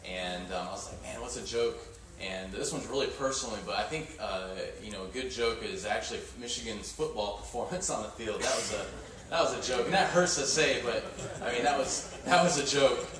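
A man preaching a sermon in a halting, folksy way, with many filler sounds. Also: mid-range voice, a bit bright, a little hiss or hum. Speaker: pastor. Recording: echoey church hall from far off.

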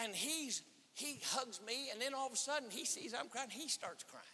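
A man preaching at a conference, telling a story with acted-out dialogue and rising to shouts. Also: very high-pitched, a little fast, slight background noise. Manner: animated, acts out dialogue, swells to shouting. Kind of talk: sermon storytelling. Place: church or conference hall. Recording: reverberant hall.

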